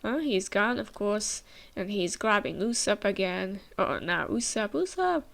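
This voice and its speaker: A woman's voice: medium pitch, expressive, a little slow, creaky, a bit bright. A woman hosting a manga reaction, chatting as she reads the panels aloud. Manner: chatty, with frequent fillers and restarts. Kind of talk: reading manga aloud with comments.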